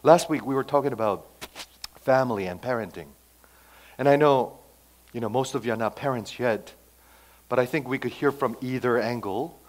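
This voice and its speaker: A man preaching a sermon, emphatic, swinging between loud outbursts and hushed asides. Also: mid-range voice, normal speed, pauses often. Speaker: pastor.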